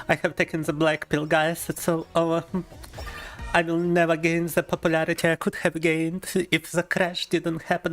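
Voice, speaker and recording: A man's voice: fairly high pitch, level tone, normal speed, fairly bright tone. A young man chats on a live stream. He rants in an overblown mock-tragic tone and flips between two languages. Game music plays faintly behind him. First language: Russian. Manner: mock-dramatic rambling, bilingual switching. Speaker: gaming streamer. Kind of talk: casual live-stream chat.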